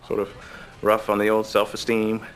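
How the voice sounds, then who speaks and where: An actor playing a hapless, self-deprecating store clerk who talks in a mild, hesitant way. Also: male voice, on the low side, monotone, moderate pace, natural voice. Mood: glum. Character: shy, hapless young male store clerk. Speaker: client. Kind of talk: sitcom acting.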